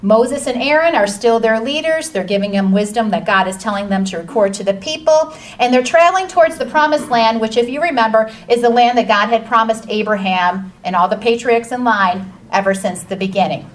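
Upbeat woman leading a children's Bible lesson; chatty, bright-pitched, recorded from across the room. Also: fairly quick, few pauses. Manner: enthusiastic, chatty, reads scripture aloud. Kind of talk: lively Bible lesson for kids. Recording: distant mic with faint noise.

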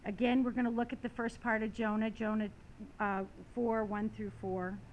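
A woman's voice: a little high, little pitch movement, normal speed, a little hiss or hum. A woman preaching a sermon, reading scripture and stories with dramatic rising and falling emphasis.

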